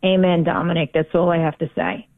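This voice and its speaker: A caller on a talk radio show, speaking in a fervent, emphatic way. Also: female voice, lowish voice, fairly even intonation, a little fast. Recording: tinny phone line.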